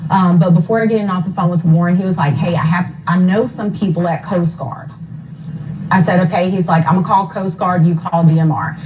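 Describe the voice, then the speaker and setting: A mother recounting events for an interview in a lowish, mellow voice. She goes step by step and pins down the times, with plenty of fillers. There is a faint hum of noise behind her. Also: steady tone, fairly quick, poor audio. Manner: detailed, careful about times, uses many fillers. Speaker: mother of a missing son.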